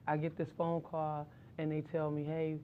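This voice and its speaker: A woman's voice: deep voice, monotone, normal speed. Earnest woman guest, dull noisy sound. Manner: earnest, preachy when giving advice. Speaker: guest, former basketball player and referee. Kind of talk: casual interview chat.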